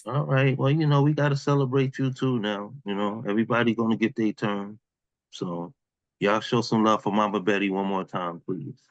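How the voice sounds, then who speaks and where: Man, open mic host, casual affectionate emcee, deep voice, dry muffled call audio. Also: flat delivery, moderate pace, dry recording.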